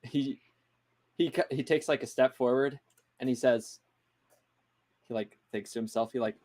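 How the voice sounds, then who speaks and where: A man's voice: mid-range voice, moderate pace, darkish tone. A man describing his character's actions in a tabletop game, loose and hesitant with many fillers. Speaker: player.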